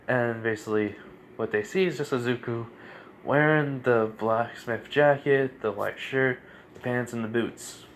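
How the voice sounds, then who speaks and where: A man's voice: medium pitch, unhurried, slight background noise. A man casually narrating an improvised fan story, rambling with fillers and self-corrections.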